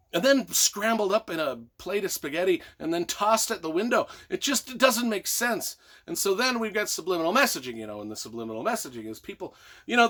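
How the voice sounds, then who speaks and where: A man's voice: high voice, sharp tone. A man giving a casual, rambling book review, swearing often and slipping into goofy voices. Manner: rambling, profane, acts out silly voices.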